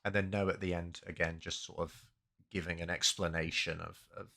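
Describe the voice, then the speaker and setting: A man's voice: deep voice, little pitch movement, a little fast, gravelly, sharp tone, soft background music. A man casually breaking down language and grammar, thinking aloud with many fillers and self-corrections. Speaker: language learning streamer.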